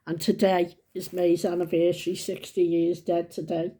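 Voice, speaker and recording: A woman's voice: fairly low pitch, level tone, moderate pace, dark tone. A woman in her seventies chatting casually to her followers, rambling and fond. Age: 70s. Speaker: vlogger. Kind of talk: casual chat to camera.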